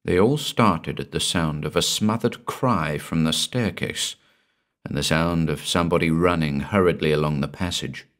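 A man giving a measured, dramatic scripted narration of a classic horror story. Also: rumbling low, fairly bright tone.

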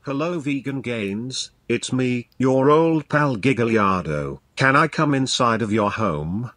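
A man's voice: mid-range voice, expressive, takes it slowly, fairly bright tone, a little hiss or hum. A man voicing Gigliardo, a mocking cartoon pal. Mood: sly. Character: Gigliardo, a male pal and self-styled marketing director.

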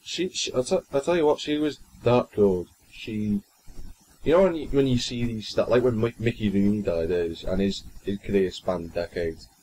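Low-voiced guy, rambling podcast chat. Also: normal speed, warm tone, a little hiss or hum, poor audio. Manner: chatty, rambling, stumbles and restarts while recounting news. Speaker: podcast co-host. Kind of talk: casual chat.

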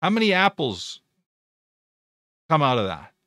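A man's voice: fairly high pitch, huge pitch swings, a little slow, a bit bright, no echo, studio quality. A man hosting a live stream, talking casually through stock charts, rambling with repeated words and jokes. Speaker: trading educator.

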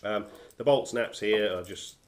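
Man from the UK, very low voice, stuffy nasal cold, casual halting gear review, faint hiss behind. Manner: hesitant, many ums and restarts.

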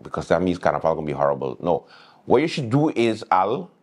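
A man's voice: low-pitched, very animated, quick pace. A man hosting a late-night show, teasing people in a comic monologue. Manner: teasing, joking.

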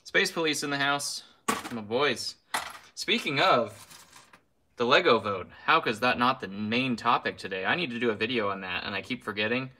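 A man's voice: mid-range voice, normal speed, sharp tone, slight background noise. A young man hosting a casual live stream, ranting with heat, then apologizing with a laugh and reading out viewer names. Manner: reads viewer names aloud.

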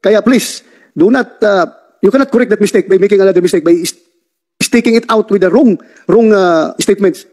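A man's voice: high-pitched, fairly quick, darkish tone. A man chairing a hearing, sternly pressing a witness with questions and reminders to tell the truth. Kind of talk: hearing interrogation. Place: hearing room.

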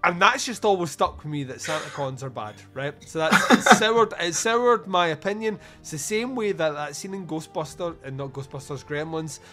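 A man's voice: fairly high pitch, normal speed, hardly any pauses, bright, forceful tone, soft background music. A man hosting a podcast, chatting casually about a film. He swears freely, laughs often and rambles. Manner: profane, chuckling, rambling storyteller. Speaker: podcast host. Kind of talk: casual film review chat.

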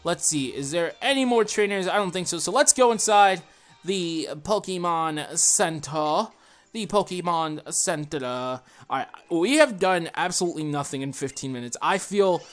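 A young man giving excitable, chatty let's-play commentary, talking to himself and his viewers as he plays. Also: sits high, fairly quick, few pauses. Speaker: gaming YouTuber. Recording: faint game music behind.

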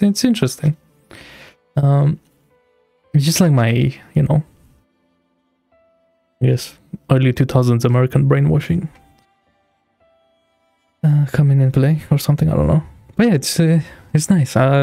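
Rambling man with a gravelly voice. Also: medium pitch, mellow, dry recording. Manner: rambling, heavy on filler words. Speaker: game reaction host. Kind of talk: casual game reaction commentary.

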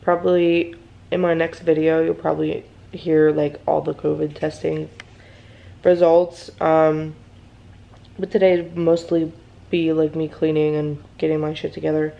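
A woman's voice: sits low, little pitch movement, unhurried, vocal fry. A young woman vlogging casually about her family, anxious and rambling with many fillers, in a groggy morning voice. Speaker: mommy vlogger. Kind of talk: casual vlog chat. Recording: dull lo-fi home recording.

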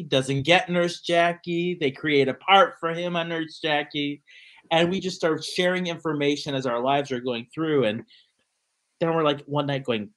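A middle-aged man telling a story in a casual interview, acting out the dialogue he quotes. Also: on the high side. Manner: animated storyteller who acts out quoted dialogue. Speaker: guest actor and choreographer.

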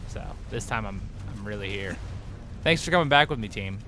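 A man giving goofy, excitable let's play commentary, trash-talking the game as he plays. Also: on the low side, a little fast, faint music behind. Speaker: gaming host. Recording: noisy game-audio mix. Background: game sound effects and vehicles.

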